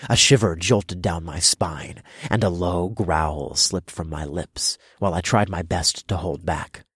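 Man, erotic audiobook narrator, very low voice, husky, measured reading. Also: a bit bright, dry recording, studio quality.

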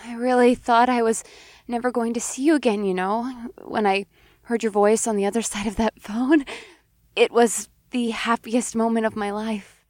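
A man voicing an affectionate, playful young woman who was once a cultist, with a soft, breathy voice. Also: extremely high pitch, steady tone, moderate pace, no echo, clean studio sound, voice pushed up. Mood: earnest.

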